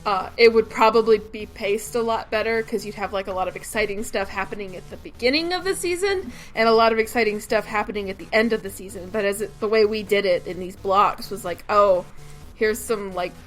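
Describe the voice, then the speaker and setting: A woman in her late twenties co-hosting a casual podcast, animated, laughing often and acting out little quotes. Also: mid-range voice, a little fast, soft background music. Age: late 20s. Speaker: podcast co-host.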